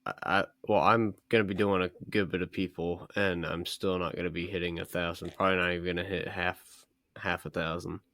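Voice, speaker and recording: A man's voice: low voice, fairly even intonation, brisk, fairly bright tone, dry recording. A young man co-hosting a podcast, chatting in a laid-back way and trailing off mid-sentence. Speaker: podcast co-host. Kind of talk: casual chat.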